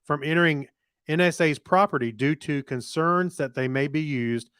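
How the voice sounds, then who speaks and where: A man co-hosting a podcast, chatting casually with quick asides and restarts. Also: on the high side, a bit bright, clear, resonant tone, dry recording, clean studio sound. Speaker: podcast co-host. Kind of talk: casual tech news chat.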